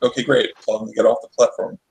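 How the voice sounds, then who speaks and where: A man's voice: medium pitch, little pitch movement, fast talker, vocal fry, darkish tone, low-quality recording. A man playing a tabletop game, hesitantly describing his character's actions with many restarts. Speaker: player.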